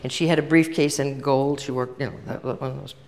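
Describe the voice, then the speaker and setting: A woman's voice: extremely low pitch, fairly even intonation, brisk, darkish tone. An older woman giving a chatty workshop talk to a live audience, telling stories and acting out both sides of conversations. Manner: chatty storytelling, acts out dialogue. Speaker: workshop speaker. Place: large hall with audience. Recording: long reverb of a hall.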